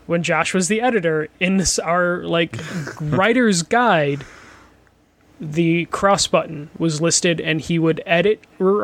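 A man's voice: sits high, fairly bright tone. A man co-hosting a gaming podcast in casual chat, blunt and profane, often laughing as he talks. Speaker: podcast co-host.

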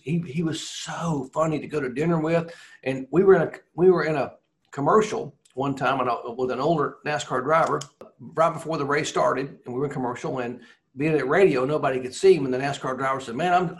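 Man, ex-racing broadcaster, swapping stories in an interview; rambling, animated, voice on the higher side. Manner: rambling, animated anecdotes with many restarts. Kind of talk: casual storytelling interview.

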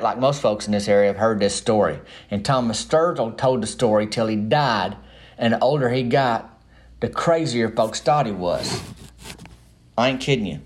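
A man telling a rambling, deadpan comic monologue about his small town, in folksy, slangy speech. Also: on the low side.

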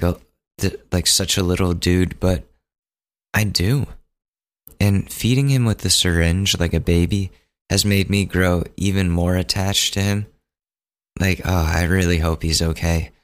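A young man hosting a solo podcast, tired and a bit hoarse, talking casually and circling back over his words. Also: sits low. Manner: rambling, self-interrupting, casual. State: losing his voice, fatigued. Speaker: podcast host.

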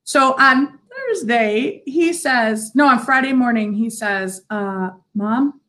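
A woman's voice: a little high, animated, takes it slowly, bright, forceful tone. A middle-aged woman, a psychic medium, chatting in an interview, telling stories with lots of fillers and easy laughter. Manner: chatty storyteller, laughs easily, many fillers. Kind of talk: casual interview chat.

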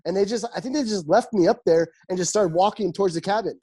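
A young man in his twenties chatting casually, telling animated stories with lots of swearing and acted-out dialogue. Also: high-pitched, fast talker, slightly rough. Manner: animated, swears freely, acts out quoted dialogue. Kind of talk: casual chat, storytelling.

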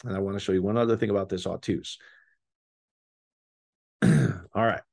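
A man's voice: deep voice, fairly even intonation, moderate pace, vocal fry, darkish tone, slightly rough. A man teaching a casual, enthusiastic scripture word study and explaining terms to his listeners. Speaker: bible teacher.

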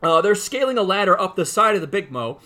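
Male co-host, loose and profane, pitches up and down a lot. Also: fast talker. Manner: swears a lot, animated retelling with sound effects. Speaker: podcast co-host. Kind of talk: casual comic-book podcast chat.

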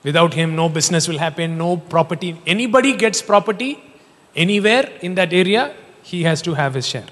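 Male preacher, fairly high voice, animated storytelling sermon in a reverberant hall. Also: fairly quick. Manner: animated storytelling, jokes and laughs.

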